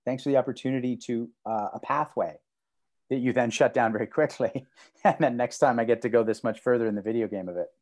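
A man speaking at a quick pace co-hosts a casual martial arts podcast via video call. He tells stories and performs quotes with abrupt, loud, high-pitched outbursts.

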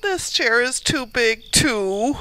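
A woman's voice: fairly high pitch, lively intonation, slow pace, sharp tone, a little hiss or hum, heavily acted. A woman voicing a fussy little girl in a storybook reading, with a whiny edge to her lines. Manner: whiny, then sighing contentedly. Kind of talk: storybook read-aloud.

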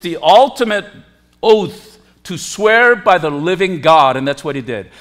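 A pastor delivers a sermon in a high voice, taking his time over each phrase. His preaching is emphatic, climbing to forceful peaks on key words before dropping low and quiet. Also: unhurried. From lived in Korea.

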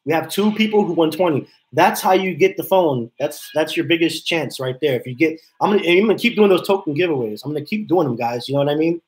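A man's voice: on the high side, animated, quick pace, few pauses, rough recording. Rambling man hosting a live stream. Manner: rambling, repeats himself, reads chat aloud. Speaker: livestream host. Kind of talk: casual livestream chat. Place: home office.

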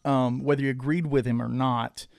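A man's voice: medium pitch, fairly even intonation, normal speed, creaky, a little hiss or hum. A man hosting a casual podcast conversation, asking earnest questions and restarting his sentences often. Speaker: podcast host.

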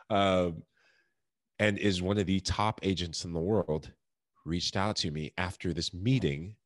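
A man's voice: sits low, dry recording, studio quality. A man in his thirties telling his story in an interview, earnest and reflective, laughing often. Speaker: podcast guest, former pro athlete.

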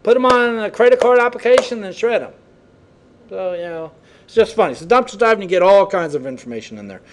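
A man's voice: sits high, animated, quick pace. A man lecturing a class, telling chatty, folksy stories in a classroom. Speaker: college instructor.

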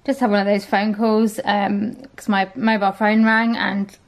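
A woman's voice: medium pitch, little pitch movement, normal speed. Tired, rambling young woman. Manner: chatty, rambling, lots of ums and likes. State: tired and sluggish. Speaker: vlogger. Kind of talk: casual chat.

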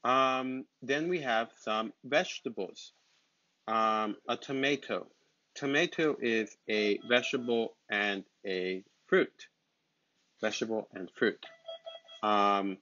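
A man teaching basic English vocabulary, speaking slowly with simple words and repeating each word patiently. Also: lowish voice, pushed and bright, no room sound. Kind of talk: slow, simple vocabulary lesson. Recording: dull, lo-fi sound.

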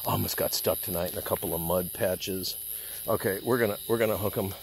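Out on a night hunt, a vlogger holding a camera rambles and curses casually, addressing both his dog and the animal. He speaks a little fast in a low voice with vocal fry, over slight background noise and loud night insects.

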